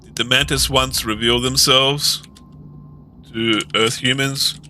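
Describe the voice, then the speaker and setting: A man live-streaming, chatting casually and slowly repeating viewers' questions word by word as he types them. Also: medium pitch, fairly even intonation, sharp tone, slight background noise. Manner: slow, repeats questions word by word while typing.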